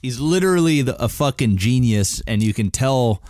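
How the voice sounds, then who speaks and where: A man's voice: mid-range voice, expressive, moderate pace, darkish tone, dry recording, studio quality. A man co-hosting a podcast, laid-back and agreeing, swearing freely in casual talk. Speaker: podcast co-host. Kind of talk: casual profane chat.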